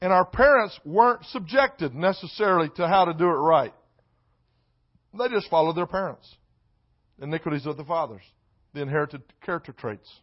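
A man preaching a sermon, repeating key phrases and swinging between quiet asides and shouted emphasis. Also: fairly high pitch, husky. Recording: dull lo-fi sound.

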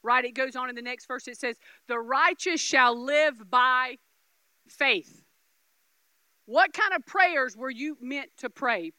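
Woman preaching pentecostal style, really high bright voice, punchy and repeats herself, dry sound. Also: no echo. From Oklahoma, US. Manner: emphatic, repeats words, swings from loud shouts to quiet asides. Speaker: guest preacher. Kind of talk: Pentecostal sermon.

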